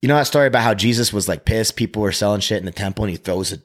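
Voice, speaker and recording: Man, lowish voice, casual storyteller, animated and profane. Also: racing. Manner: animated, profane, acts out quotes.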